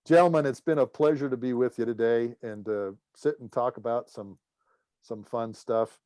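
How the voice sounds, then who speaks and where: This is a middle-aged man's mid-range voice at a moderate pace, with no echo. As a former air force officer giving a guest talk, he recounts anecdotes with humor and dramatizes the conversations of the people in them, like a lively storyteller cracking jokes.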